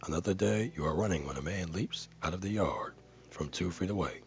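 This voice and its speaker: Deep gravelly man reading aloud. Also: fairly quick, dull audio, a little hiss or hum. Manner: earnest, careful reading with dramatic stresses. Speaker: reader of a viewer comment.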